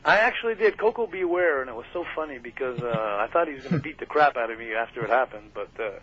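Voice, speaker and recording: A man's voice: medium pitch, animated, fast. A man guest telling wrestling stories in a loose, rambling way, full of fillers and laughter. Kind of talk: casual storytelling interview. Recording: muffled radio broadcast with faint hiss.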